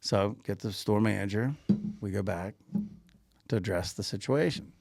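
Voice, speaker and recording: A man co-hosting a podcast, casually telling an animated anecdote, laughing often and repeating himself. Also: on the low side, normal speed, vocal fry, dry recording, soft background music. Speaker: podcast co-host and grocery store owner.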